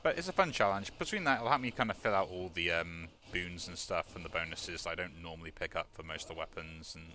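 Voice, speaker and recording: A man with a low, bright voice talks casually over a video game. He rambles along, dropping plenty of "like" and "um". Faint noise sits behind him. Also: fast, hardly any pauses. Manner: rambling, many fillers like "like" and "um". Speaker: let's play host. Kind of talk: casual gameplay commentary.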